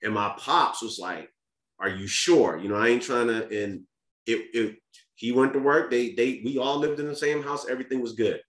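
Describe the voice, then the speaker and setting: A man's voice: mid-range voice, normal speed. Earnest man telling his story, roomy sound. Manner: earnest, restarts and repeats words, casual slang. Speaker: podcast guest. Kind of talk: candid personal storytelling. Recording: roomy echo.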